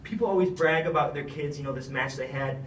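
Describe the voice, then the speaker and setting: A man's voice: fairly high pitch, fast talker, a bit bright, a little hiss or hum. A young man giving a heartfelt, rambling thank-you speech with many fillers. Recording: echoey room, speaker far from mic.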